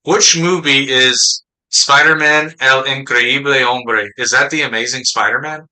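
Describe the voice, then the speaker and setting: Very bright-voiced joking podcast co-host. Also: male voice, medium pitch, measured pace, low-quality recording. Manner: playful, jokes in learner Spanish. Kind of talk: casual chat.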